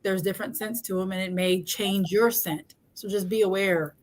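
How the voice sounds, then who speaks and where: A woman's voice: mid-range voice, steady tone, moderate pace. A young adult woman hosting a casual chat, talking frankly and joking, often laughing. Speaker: host.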